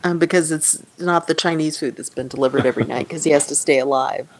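A woman co-hosting a podcast, chatting casually about a film and retelling scenes in a lively way with frequent laughs. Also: low voice, fast. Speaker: podcast co-host.

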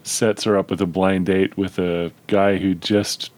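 Male co-host, low and easygoing, casual film chat. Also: little pitch movement, unhurried, darkish tone. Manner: easygoing, lots of agreeing fillers. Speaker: podcast co-host.

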